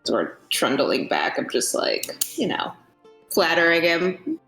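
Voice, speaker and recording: Woman player, slow drawl, lowish voice, amused, faint music. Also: huge pitch swings, fairly bright tone, rough recording. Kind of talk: playing a tabletop game.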